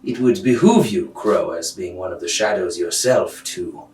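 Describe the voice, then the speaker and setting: A man's voice: low-pitched, moderate pace, darkish tone, a little hiss or hum, natural voice. A man voicing a haughty, proud male shadow master adventurer who talks down to others. He speaks in a condescending, lecturing way. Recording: roomy, distant mic, faint music.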